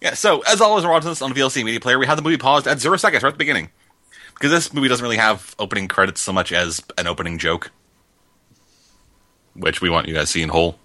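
A man hosting a casual movie commentary track, excitable and crude, laughing often. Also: mid-range voice, rapid-fire, no room sound. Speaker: podcast host.

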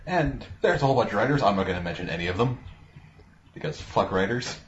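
Low-voiced, profane male podcast host. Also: animated, fast talker, highs cut off, slight background noise. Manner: profane, rambling. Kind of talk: casual commentary-track chat. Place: online voice call.

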